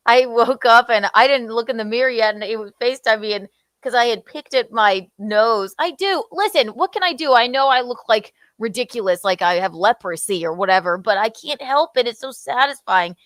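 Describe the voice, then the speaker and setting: A woman's voice: a little high, a little fast, a bit bright, no echo. Blunt woman, dry close sound. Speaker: co-host. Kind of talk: casual chat.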